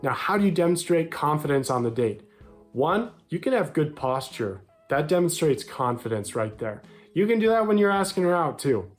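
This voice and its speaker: A man's voice: on the high side, sing-song, moderate pace, faint music behind. A young American man coaching men on dating, talking straight to the viewer in an upbeat, direct way and acting out short quoted lines. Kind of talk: direct-to-camera advice talk.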